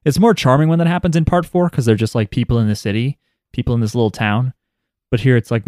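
A man co-hosting a casual chat about an anime, relaxed and wry, acting out characters in quick asides. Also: medium pitch, dry recording, clean studio sound. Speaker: podcast co-host.

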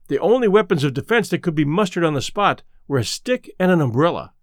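A man narrating an audiobook ghost story in a measured storytelling manner. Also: on the high side, big pitch swings, no room sound, studio quality.

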